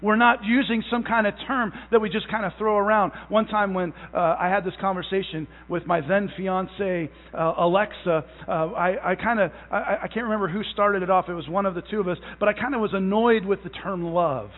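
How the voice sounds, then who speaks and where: Young male pastor, emphatic sermon delivery, halting repeats, long church reverb. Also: high voice. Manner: emphatic, stretches out key words; repeats phrases, halting restarts. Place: church sanctuary. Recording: tinny phone-like sound in a long-echo hall.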